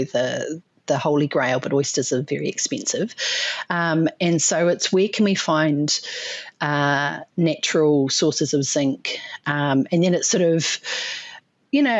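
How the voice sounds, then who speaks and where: A woman with a New Zealand accent answering interview questions thoughtfully, pausing often with fillers and restarts. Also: deep voice, dry recording, highs cut off. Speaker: guest expert.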